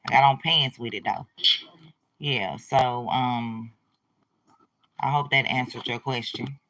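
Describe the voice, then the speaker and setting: A woman's voice: rumbling low, slow, a bit bright. A woman hosting a livestream, chatting casually and informally with her viewers. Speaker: livestream host.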